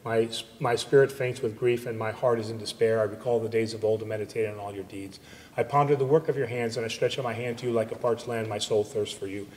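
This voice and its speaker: A man serving as liturgical reader, reciting psalms in a steady, even manner at a church service. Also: lowish voice, quick pace, a little hiss or hum. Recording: long church reverb on a livestream.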